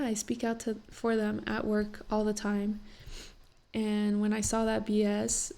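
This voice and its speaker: Gravelly-voiced woman vlogging, teary and rambling. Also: medium pitch, darkish tone. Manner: emotional, rambling, many "like" fillers. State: teary after crying. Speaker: vlogger reacting to a talk show. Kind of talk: casual reaction vlog.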